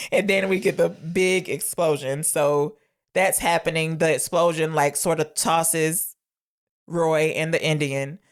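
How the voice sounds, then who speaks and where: A woman co-hosting a podcast, casually retelling a film's scenes and quoting its lines with animated voices. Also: sits low, slow pace. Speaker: podcast co-host. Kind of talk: casual film review chat.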